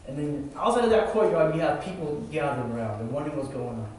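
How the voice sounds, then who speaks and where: A young man preaches a casual sermon in a fast, slightly mellow voice pitched on the high side. He talks loosely and conversationally, saying "like" and "man" a lot, picked up from afar in an echoey hall with faint noise.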